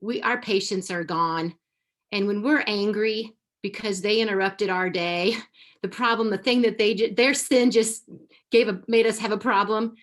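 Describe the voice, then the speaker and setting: A woman's voice: medium pitch, steady tone, moderate pace. Earnest, affirming woman on a church panel. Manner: earnest and affirming toward the co-speaker; breaks off and restarts sentences. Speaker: panel speaker at a church women's event. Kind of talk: casual panel discussion.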